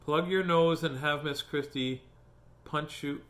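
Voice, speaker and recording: A man's voice: on the high side, steady tone, measured pace, a bit bright. A man reading children's books aloud as host, with playful, joking asides. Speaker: children's book reader and host. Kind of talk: reading aloud and casual chat. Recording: echoey room.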